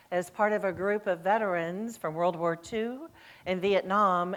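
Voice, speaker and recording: A middle-aged woman minister giving a sermon, telling stories with a voice that climbs and drops and acting out the quoted lines. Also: fairly low pitch. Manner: lively storytelling, voice rising and falling, acts out quoted lines. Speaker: senior minister.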